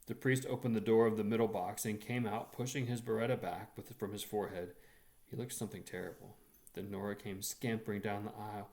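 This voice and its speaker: A man reading a short story aloud in a measured, expressive storytelling manner. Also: fairly low pitch. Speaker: reader.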